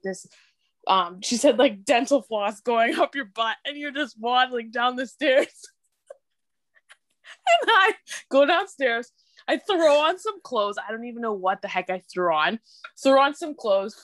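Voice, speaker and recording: A young woman from Canada in casual podcast chat, telling an animated story, cursing freely and laughing as she goes. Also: fairly high pitch, no echo.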